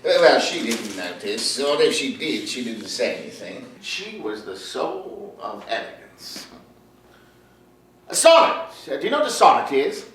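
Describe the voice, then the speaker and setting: A wistful 52-year-old poet, roomy stage. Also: male voice, medium pitch, measured pace. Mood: reminiscing. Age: 50s. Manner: animated, reminiscing storyteller. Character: 52-year-old playwright, wistful, lovestruck storyteller. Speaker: stage actor in a one-man play. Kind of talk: theatrical stage monologue. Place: theater stage. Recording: roomy stage sound from a far camera with faint noise.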